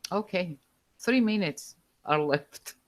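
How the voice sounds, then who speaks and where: Slow, low-voiced woman lecturing online. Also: expressive. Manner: halting, searches for words with fillers. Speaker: university lecturer. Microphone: computer microphone over a video call.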